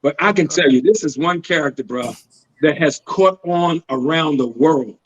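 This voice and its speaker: A man, a guest actor, telling stories in a casual podcast chat, animated and laughing as he goes. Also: a little high, moderate pace, dull audio.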